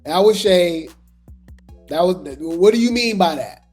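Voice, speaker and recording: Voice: mid-range voice, expressive, unhurried, a little mellow, soft background music. A host giving casual gossip commentary, chatty and trailing off with repeated asides.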